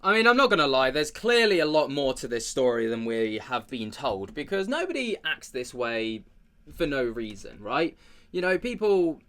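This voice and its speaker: A man's voice: mid-range voice, sing-song, normal speed, sharp tone, slight background noise. A man hosting a commentary vlog, talking in a chatty, rambling way with many fillers. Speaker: commentary channel host.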